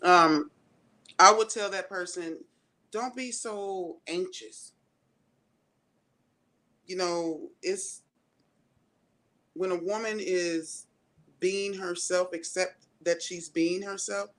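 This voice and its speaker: A woman talking as a radio show guest, telling personal stories in a relaxed, candid way. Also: lowish voice, takes it slowly, pauses often. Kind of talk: casual chat.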